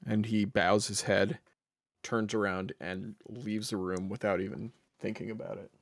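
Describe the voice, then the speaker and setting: A man's voice: fairly low pitch, flat delivery, moderate pace, no room sound. A man narrating a tabletop game as dungeon master, casual and hesitant, with many fillers.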